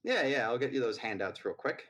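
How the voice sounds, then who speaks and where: A man's voice: medium pitch, expressive, brisk, fairly bright tone, rough recording. A man narrating as game master in a tabletop game, loose and rambling with lots of fillers.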